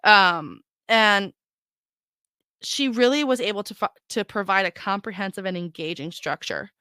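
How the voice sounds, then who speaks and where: A woman's voice: medium pitch, normal speed, pushed and bright, clean tone, no room sound, clean studio sound. A young adult woman hosting a podcast, talking casually to her listeners with frequent restarts and filler words. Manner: chatty, stumbling restarts, addresses listeners as guys. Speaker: podcast host. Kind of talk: casual solo podcast talk.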